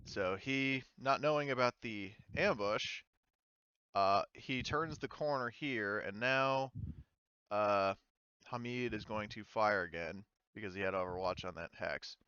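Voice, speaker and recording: A man's voice: on the low side, a little slow, pushed and bright, smooth, no room sound. A man running a tabletop war game as game master, talking loosely with lots of fillers and restarts. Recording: slightly dull, lo-fi mic.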